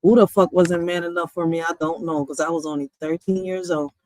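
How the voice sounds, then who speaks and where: A woman's voice: on the low side, steady tone, a little fast, darkish tone, a little hiss or hum. Profane, laughing woman in her thirties. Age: 30s. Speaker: poet and streamer. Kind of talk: casual chat to viewers.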